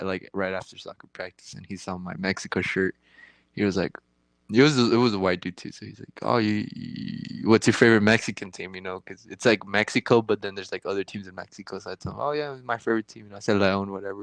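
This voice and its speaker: Young man, crude rambling storyteller, lowish voice, dry close sound. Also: fairly even intonation, fast, a bit bright, no echo. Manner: rambling, profane, laughing often. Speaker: podcast co-host.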